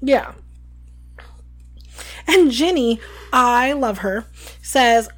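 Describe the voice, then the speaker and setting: Recapping a book chapter on the podcast she co-hosts, a woman talks in a fairly high, expressive voice without rushing. Plenty of filler "ums" creep in as she casually walks through scenes and quotes lines from them.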